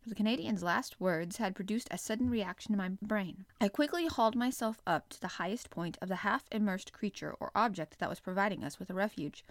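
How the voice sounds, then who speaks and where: A woman narrating a classic adventure novel aloud in the first person, with expressive, dramatic storytelling. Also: mid-range voice, brisk, few pauses, no echo, studio quality. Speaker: audiobook narrator.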